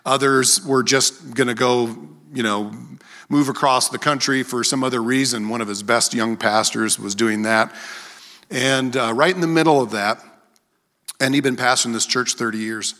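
A man's voice: steady tone, moderate pace, in a large hall. A man giving a conversational sermon, telling stories and acting out the voices in them. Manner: storytelling, acts out quoted voices with sharp rises in pitch. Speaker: preacher and worship leader.

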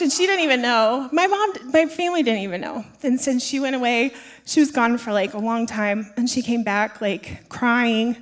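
A woman with a fairly high voice telling a personal story in front of a church congregation. She speaks casually and conversationally, with plenty of fillers. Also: moderate pace. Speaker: pastor's wife sharing a testimony. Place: church sanctuary.

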